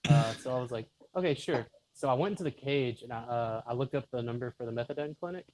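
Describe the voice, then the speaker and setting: A man's voice: medium pitch, fast talker, background noise. A man telling crude jokes and a story in a casual podcast chat. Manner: crude joking banter.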